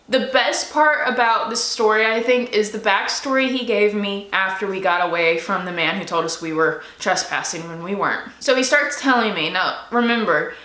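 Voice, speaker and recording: A young woman vlogger excitedly telling a personal story to the camera in a chatty, animated way. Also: medium pitch, roomy sound.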